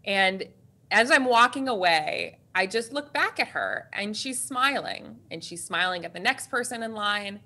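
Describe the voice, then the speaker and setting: Woman, 30s, coach guest; bright, animated storyteller. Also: medium pitch, unhurried. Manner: lively, laughing, animated storytelling. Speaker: executive coach and co-author. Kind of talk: storytelling in a webinar interview.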